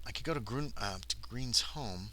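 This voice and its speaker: A man's voice: medium pitch, moderate pace, bright, forceful tone. A man livestreaming a solo tabletop game, reading the game text aloud and chatting casually in between. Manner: reads game text aloud, then chats casually to himself and chat. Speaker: solo game player, streamer.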